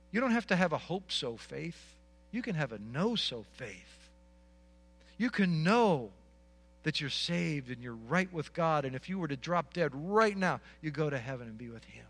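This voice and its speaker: A man's voice: high voice, expressive, moderate pace, a bit bright. A male pastor preaching a sermon in an earnest way, often repeating words and building to emphatic exhortations.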